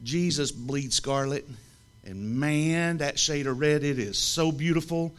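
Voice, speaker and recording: A man with a Southern accent imitating a stubborn friend, speaking slowly in a low, hushed and stubbornly certain way. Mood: smug.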